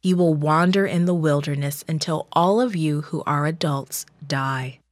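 Solemn storybook Lord, slow and low-pitched, read by a woman narrator. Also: dry recording. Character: the Lord, solemn divine judge.

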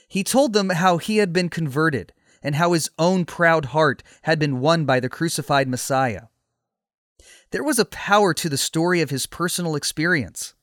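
A man narrating a scripted story in a steady, measured way. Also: on the high side, no echo, clean studio sound.

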